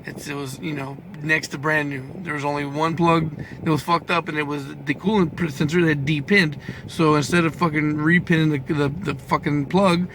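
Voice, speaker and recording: A man's voice: a little high, steady tone, moderate pace, hardly any pauses, a bit bright, slight background noise. A young man telling a heated story about his work as a mechanic, swearing constantly and restarting his sentences as he goes. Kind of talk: ranting vlog story.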